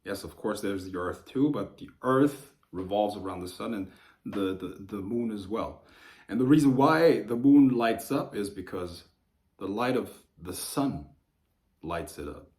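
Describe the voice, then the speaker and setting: A man teaching the occult, talking unscripted to camera in a profane, heated rant that builds to forceful outbursts. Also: lowish voice, expressive, measured pace.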